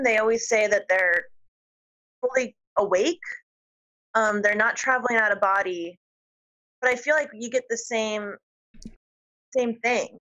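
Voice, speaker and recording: A woman telling stories as an interview guest, animated and chatty and quick to laugh. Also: on the high side, poor audio. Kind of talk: storytelling interview.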